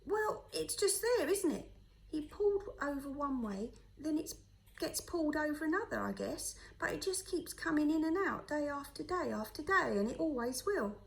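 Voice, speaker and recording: A woman's voice: high-pitched, big pitch swings, normal speed, gravelly, pitched above the performer's own voice, exaggerated voice. A woman voicing a kindly working man with a strange accent, talking in a friendly, musing way.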